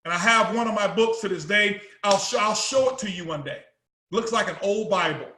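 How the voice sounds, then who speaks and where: High, bright-voiced man preaching success. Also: a little fast, roomy sound, slight background noise. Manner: emphatic, repetitive, preaching. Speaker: company CEO giving a motivational talk. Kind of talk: motivational speech.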